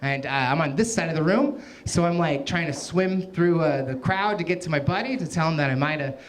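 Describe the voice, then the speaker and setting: A man telling a stand-up story on a club stage, animated and laughing at his own tale as he acts out what people said. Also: fairly high pitch, fairly quick. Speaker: stand-up comedian. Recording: live club recording, loud crowd. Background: audience laughter and club noise.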